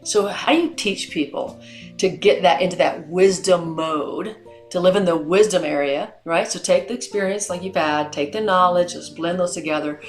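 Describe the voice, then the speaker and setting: A middle-aged woman hosting a podcast, telling stories in an animated way and acting out the dialogue. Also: fairly low pitch, normal speed, roomy sound, soft background music. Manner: animated storyteller, acts out dialogue. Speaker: podcast host. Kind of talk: conversational interview.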